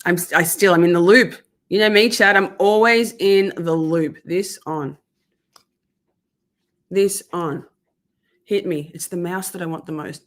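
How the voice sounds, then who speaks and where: A woman live-streaming in a loose, casual chat with her audience. Her pitch swings widely as she chatters, curses freely and talks herself through fiddly tech trouble. She sits at a middle pitch. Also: animated, unhurried, long pauses, fairly bright tone. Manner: chatty, swears a lot, flustered by gear.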